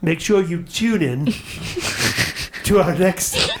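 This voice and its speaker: A man's voice: high voice, expressive, background noise. Man hosting a church podcast. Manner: reflective, halting, many restarts. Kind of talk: casual chat.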